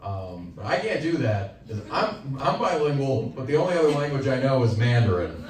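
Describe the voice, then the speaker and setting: A young man doing a stand-up comedy set on stage, animated and slipping into quoted voices for his punchlines, with the audience laughing. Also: mid-range voice, normal speed, crowd noise. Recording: loud audience laughter, echoey club heard from far.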